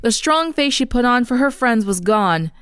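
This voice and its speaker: A young woman reading a fan story aloud in an earnest, expressive storybook narration. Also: on the high side, normal speed, smooth, no room sound, clean studio sound. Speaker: fanfiction reader.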